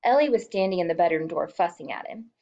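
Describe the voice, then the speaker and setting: A woman's voice: fairly low pitch, lively intonation, quick pace, creaky, mellow, highs cut off. A woman reading a novel aloud as an audiobook, emotive and lightly voicing the characters. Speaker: audiobook reader.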